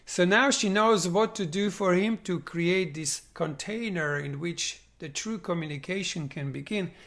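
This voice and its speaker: A man working as a spiritual coach, guiding a participant and teaching with animated talk that acts out couples' dialogue. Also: fairly high pitch, gravelly.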